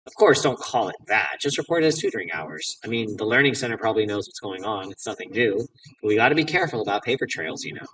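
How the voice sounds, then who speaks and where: A man's voice: lowish voice, lively intonation, fast, a bit bright, no echo, distant mic, low-quality recording. A man voicing a brash young male college jock, reading the lines casually and offhand. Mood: scheming.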